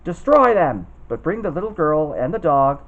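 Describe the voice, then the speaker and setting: A man voicing a cruel wicked witch in a children's storybook, screeching and shrill. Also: sing-song, normal speed, highs cut off. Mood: menacing.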